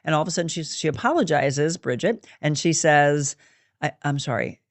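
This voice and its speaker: Us lady hosting a faith talk show, lively storyteller, dry close sound. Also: low voice, brisk, no room sound. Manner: animated, acts out quoted dialogue. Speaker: show host.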